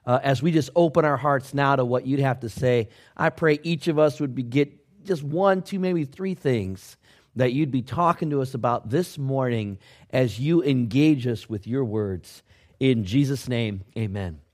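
A man, a pastor, telling a personal story in a sermon, conversational but swinging from hushed asides to loud outbursts. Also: medium pitch, unhurried. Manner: conversational with fillers.

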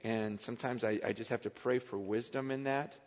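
A man preaching a sermon as a pastor, earnest and confessional, often dropping to a quiet, halting voice. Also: mid-range voice, fairly even intonation. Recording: long hall reverb.

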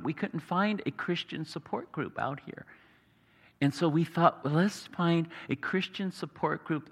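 A man preaching a sermon earnestly, sometimes dropping to a hushed tone. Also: fairly high pitch, long reverb tail. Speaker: pastor.

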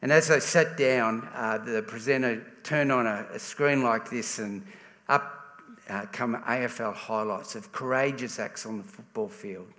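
A man's voice: medium pitch, a little slow, a bit bright. An Australian man giving a sermon in a conversational way, often restarting his sentences. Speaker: preacher. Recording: reverberant church hall.

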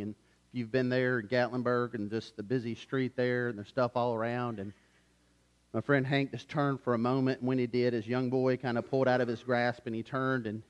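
A man preaching a sermon as pastor, swinging from loud urgency to hushed softness and telling stories in a conversational way with frequent restarts. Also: medium pitch, dull audio. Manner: conversational storytelling with repeated restarts.

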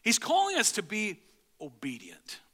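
Bright-voiced pastor, halting and earnest. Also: male voice, wildly swooping pitch. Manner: conversational, halting with repeated restarts; drops to a low, slow voice for emphasis. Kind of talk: sermon. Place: church sanctuary.

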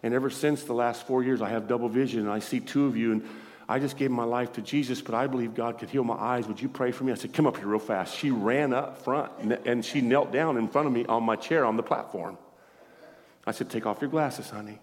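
A male pastor preaching in a church, telling a healing story with lively, acted-out dialogue and frequent laughter. His mid-pitched voice rings out with a long reverb trailing behind it. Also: brisk. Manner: animated, acts out dialogue, laughs often. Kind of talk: sermon storytelling.

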